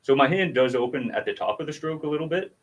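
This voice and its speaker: A man's voice: fairly high pitch, lively intonation, fast, dull audio, noisy background. A man giving a casual drum lesson on a livestream, patiently explaining technique and counting out strokes as he demonstrates. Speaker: drum teacher.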